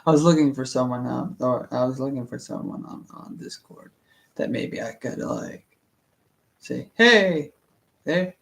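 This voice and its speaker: A man's voice: medium pitch, moderate pace, gravelly, warm tone. A young man hosting a casual book reading stream, rambling and stammering with many fillers and restarts. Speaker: book reading channel host. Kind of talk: casual rambling livestream chat.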